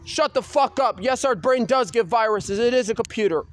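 A man ranting on his own in an agitated, repetitive way, swearing and breaking into loud outbursts. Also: extremely high pitch, moderate pace, slight background noise. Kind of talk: solo rant to camera.

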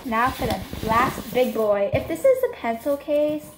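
Brief: teen girl vlogger, bubbly and giggly, higher voice, noisy handheld phone audio. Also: a little slow. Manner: chatty, upbeat, giggly. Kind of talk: casual vlog chat.

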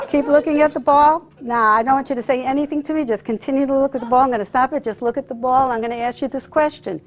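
With a high voice and slightly quick delivery, this woman hypnotist leads volunteers through a live stage demonstration. She coaxes them along using sing-song, repeated phrases in a room full of spectators.

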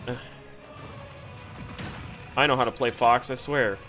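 A male streamer giving live gameplay commentary, reacting excitedly and swearing at the game. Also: medium pitch, slow, faint music behind.

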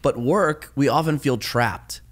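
A man hosting a podcast, asking a guest relaxed, conversational questions in a casual interview. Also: medium pitch, unhurried. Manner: relaxed, conversational, asks long framing questions. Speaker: podcast host.

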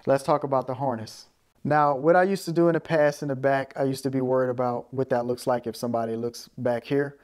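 A man talking his viewers through his equipment in a relaxed, conversational way. His pitch sits in the middle range for a man, and he keeps tossing in "right?" and "you know" as he explains. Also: fairly quick. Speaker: video creator showing his gear. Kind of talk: casual show-and-tell walkthrough.

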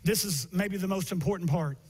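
A male pastor preaching a sermon, telling stories from his youth and building to emphatic, shouted passages. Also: sits high, brisk, slightly rough. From Miami area, United States.

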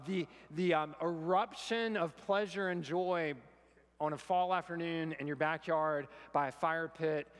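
A U.S. pastor with a slightly high voice mixes comic personal anecdotes and self-deprecating jokes into a scripture-based sermon. He's in a church sanctuary, and his words trail off into a long reverb tail.

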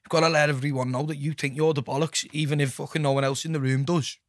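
A young man with a Liverpool accent, a musician chatting casually on a podcast, sweary and animated. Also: a little high, no room sound, studio quality. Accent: Liverpool (Scouse). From Liverpool, England. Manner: fast, sweary, animated storytelling. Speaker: musician guest. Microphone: studio mic.

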